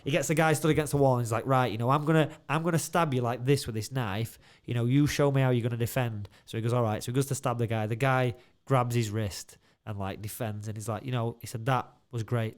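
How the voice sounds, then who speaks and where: A man with a medium-pitched, steady voice talks fast as a podcast co-host in a studio. The talk is casual: he laughs, swears plenty, and tells his stories with real animation.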